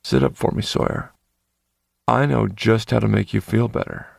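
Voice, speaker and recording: A man voicing a calm, commanding male dom with a low, soothing voice and unhurried authority. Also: vocal fry, no echo, studio quality. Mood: calm, coaxing.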